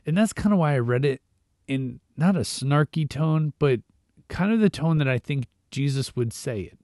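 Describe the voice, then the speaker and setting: A man's voice: on the high side, animated, moderate pace, darkish tone, no room sound, studio quality. A man hosting a short devotional show, reading scripture and then reflecting in a conversational, informal way. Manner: conversational and reflective, with fillers and restarts. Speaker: devotional podcast host.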